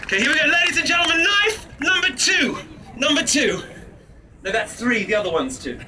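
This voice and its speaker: A man from England working a crowd as a street performer, loud and cheeky, teasing and swearing for laughs. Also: extremely high pitch, animated, fairly quick. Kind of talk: street show patter to a crowd. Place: outdoor city square with a crowd. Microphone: far from the recording camera. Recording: distant voice over loud crowd noise. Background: loud crowd and street ambience.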